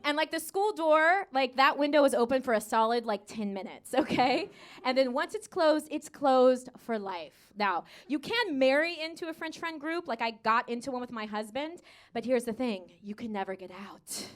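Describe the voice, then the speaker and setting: With a high, lively voice, an American comedian in her thirties works a live comedy club crowd. Her set is full of rapid, sassy asides, frequent "okay"s, and gushing mock voices for the people she quotes.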